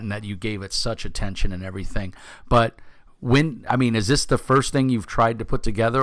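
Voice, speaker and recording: A man's voice: fairly low pitch, vocal fry, no room sound, clean studio sound. An older man with a Brooklyn accent hosting a casual interview over a video call, joking, cursing and rambling as he talks. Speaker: podcast host.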